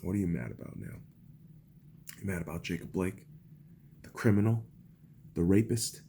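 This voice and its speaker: A young man hosting a podcast, delivering an angry, profane political rant that swings between shouting and low muttering. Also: normal speed, creaky, a little hiss or hum. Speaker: podcast host.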